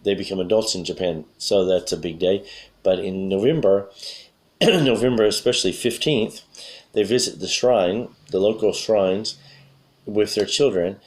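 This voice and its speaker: A man's voice: sits low, normal speed. A man teaching English in a casual spoken lesson, losing his voice a little and often correcting himself as he goes. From USA. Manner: rambling, often correcting himself mid-sentence. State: losing his voice, clearing throat.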